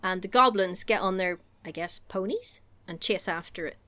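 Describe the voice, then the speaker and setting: A woman's voice: mid-range voice, normal speed. A woman, chatting casually and comically on a podcast, swearing freely and acting out characters. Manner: animated, sweary, acts out characters in exaggerated voices. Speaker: podcast co-host recapping a film. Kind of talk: casual comedic chat.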